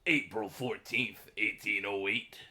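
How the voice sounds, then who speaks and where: A man's voice: lowish voice, steady tone, a little slow, pushed and bright. A man reading a feverish dying man's diary entry aloud in a hammy put-on pirate voice.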